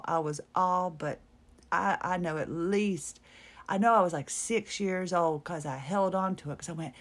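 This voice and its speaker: Woman podcast host, lowish voice, rambling nostalgic solo chat, self-mocking.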